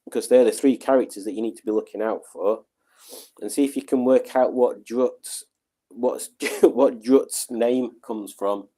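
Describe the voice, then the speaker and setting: Mellow-voiced man chatting casually. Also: mid-range voice, a little slow. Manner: relaxed, rambling, self-deprecating. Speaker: livestream host. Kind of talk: casual chat reading out viewer comments.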